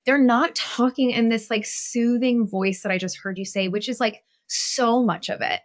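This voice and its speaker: A woman therapist appearing as a guest, speaking in a warm, affirming and animated way. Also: on the high side, moderate pace. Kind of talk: casual conversation.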